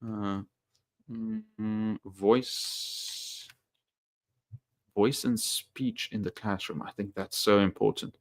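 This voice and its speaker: A man's voice: lowish voice, little pitch movement, unhurried, dry recording, studio quality. A man teaching English on a live stream, chatting loosely and reading viewer comments aloud, full of fillers and restarts. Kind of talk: casual live-stream chat.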